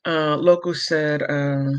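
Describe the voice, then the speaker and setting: A man's voice: on the high side, steady tone, slow pace, a bit bright, clean tone. A man hosting a livestream, casually reading viewer comments aloud, giggling often and rambling with many fillers. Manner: giggly, laughs often between remarks; loose and rambling, full of fillers. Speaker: livestream host.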